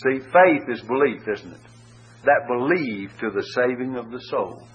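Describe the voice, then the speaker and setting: A man preaching a sermon and reading Bible verses aloud, stressing key words with sharp rises in his voice. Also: mid-range voice, animated, unhurried, breathy edge. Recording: dull lo-fi recording.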